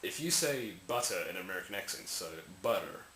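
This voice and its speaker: Casual male tutor, lowish bright voice, rambling, demos sounds; echoey room with faint hiss. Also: expressive, quick pace. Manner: rambling, self-correcting, demonstrating sounds aloud. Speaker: language tutorial maker. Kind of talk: casual explainer lesson.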